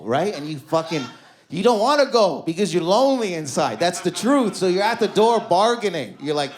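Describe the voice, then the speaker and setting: A male stand-up comedian telling stories on stage, swinging between loud bursts and low mutters, acting out quoted lines and leaning on "you know what I mean". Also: sing-song, fairly quick. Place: comedy club stage with audience laughter.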